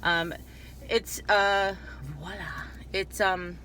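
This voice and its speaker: A woman vlogger chatting through a store haul in a loose, digressive way, cutting herself off and circling back. Her voice is bright and sits at an ordinary pitch. A faint background noise runs under the recording. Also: lively intonation, normal speed. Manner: chatty, digressive, self-interrupting. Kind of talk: casual rambling haul video.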